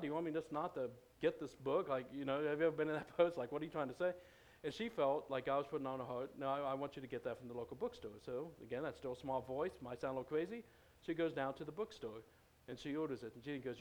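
A man preaching in a church, telling a story in a loose, conversational way, with many fillers and restarts. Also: mid-range voice. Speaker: pastor. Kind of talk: storytelling sermon.

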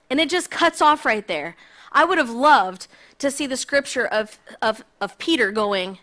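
A woman's voice: a little high, lively intonation, moderate pace, a bit bright. A woman filling in as preacher, giving a casual, conversational sermon with self-deprecating asides. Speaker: guest preacher.

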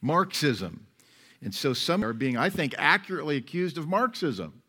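A man preaching a sermon as pastor, talking in a conversational, wry way that swings between loud and soft. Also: on the high side, big pitch swings, moderate pace, slightly rough.

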